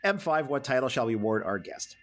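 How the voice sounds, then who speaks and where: Sounding very animated and brisk, this mid-range male podcast host launches a pretend game-show quiz in the middle of an interview, hamming it up for effect.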